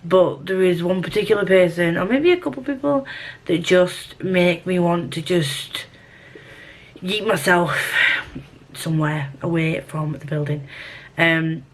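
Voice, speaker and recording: Chatty young woman, lowish voice. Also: a little slow. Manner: chatty, rambling, animated, self-mocking. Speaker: vlogger. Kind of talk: casual rambling vlog chat.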